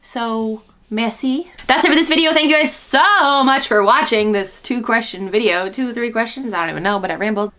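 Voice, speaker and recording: A woman's voice: fairly high pitch, moderate pace, few pauses, bright, forceful tone. A young woman vlogger talking casually and candidly, rambling with frequent fillers. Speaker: reseller vlogger. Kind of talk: casual vlog chat.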